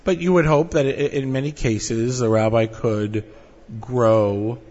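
A man in a mid-range voice leads the interview, talking conversationally and pausing on fillers. His voice sounds dull and carries a long echo. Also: mid-range voice, fairly even intonation, a little mellow. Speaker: interview host. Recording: echoey dull room audio.

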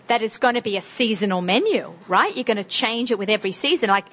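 A woman's voice: a little high, lively intonation, quick pace, a bit bright. A middle-aged woman with a strong Sydney Australian accent, hosting a casual interview, chatty and laughing often. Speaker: radio show host. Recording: slightly muffled recording.

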